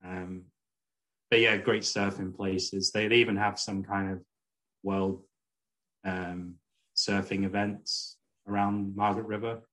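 A man's voice: lowish voice, level tone, takes it slowly, pauses often, fairly bright tone. A man guesting on a podcast, telling a story in a casual, rambling way with lots of "like" and "you know".

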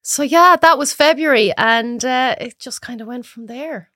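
An Irish woman chatting as a podcast guest, telling lively stories and acting out her own reactions. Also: sits high, normal speed, no echo, studio quality. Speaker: guest cook. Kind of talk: casual chat.

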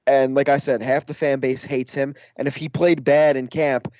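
A man talks sports in a loose, rambling way, leaning heavily on filler words and restarts, his voice at an average pitch. The audio is muffled and lo-fi, with no room sound at all. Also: level tone, moderate pace, darkish tone, no echo. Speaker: podcast co-host. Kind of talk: casual sports chat.

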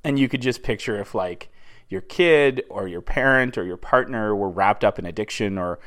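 A man's voice: lowish voice, expressive, normal speed, a bit bright. A man co-hosting a podcast in casual chat, earnest and enthusiastic. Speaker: podcast co-host.

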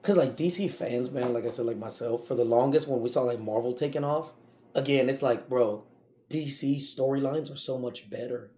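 A man's voice: medium pitch, normal speed, echoey room, slight background noise. A man co-hosting a casual podcast chat, swearing often and laughing as he talks. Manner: profane, animated, laughs often. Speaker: podcast co-host.

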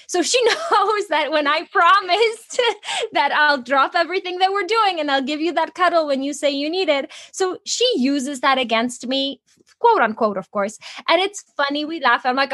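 A woman's voice: high-pitched, lively intonation, moderate pace, a bit bright. A woman parenting coach, a guest in an interview, explaining earnestly with examples from her own home. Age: adult mother. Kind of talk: interview answers.

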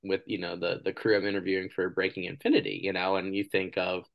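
A man's voice: deep voice, quick pace, creaky, muffled recording. A man in his thirties hosting an interview podcast, chatting casually and acting out the people in his stories. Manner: animated storyteller, acts out quoted people. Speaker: podcast host.

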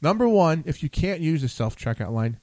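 A man's voice: on the high side, sing-song, fairly quick, dark tone, dry recording. A man hosting a radio show, talking in a blunt, profane, rambling way with lots of restarts. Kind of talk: casual on-air chat.

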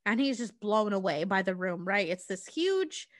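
A woman co-hosting a podcast, retelling a movie plot in casual, profane, animated storytelling. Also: medium pitch, normal speed, no echo, clean studio sound. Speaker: podcast co-host.

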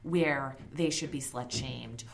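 A woman's voice: rumbling low, takes it slowly, gravelly, slight background noise. A woman in her thirties co-hosting a podcast in casual chat, blunt and swearing freely. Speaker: podcast co-host.

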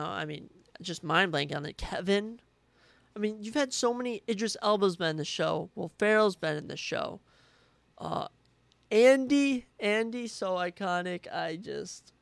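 Brief: young male podcast host, gravelly edge, eager and rambling, dry close mic. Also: high-pitched, fairly bright tone, no echo. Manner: enthusiastic, rambling, self-correcting. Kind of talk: solo casual chat.

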